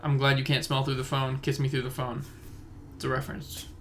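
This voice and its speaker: A man's voice: mid-range voice, monotone, fairly quick, fairly bright tone, a little hiss or hum. A young man in his twenties hosting a casual solo podcast from his room at home, recorded on a phone, rambling and going off on tangents. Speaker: podcast host. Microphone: phone camera.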